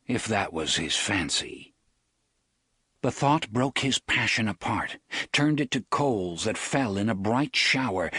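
A man reading a novel aloud in measured, intimate audiobook narration. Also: on the low side, fairly bright tone, husky, no echo, studio quality.

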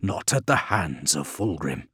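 A man's voice: extremely low pitch, very animated, measured pace, bright, forceful tone, breathy edge, no room sound, studio quality, voice pushed down, full character voice. A man voicing a grave, battle-weary warlord. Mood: grim brooding. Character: stern battle-weary male warlord commander.

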